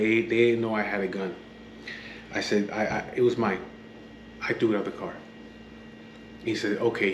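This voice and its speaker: A man from the Los Angeles area, casually telling his own story in a blunt, profane, matter-of-fact way, acting out what others said in his own voice. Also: fairly low pitch. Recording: echoey room with faint background hum.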